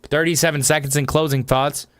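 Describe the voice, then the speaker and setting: A man's voice: level tone, brisk, fairly bright tone, clean tone, dry recording. A young man chatting casually on a live stream, joking around and slipping into silly voices. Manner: joking, goofy, breaks into silly high voices.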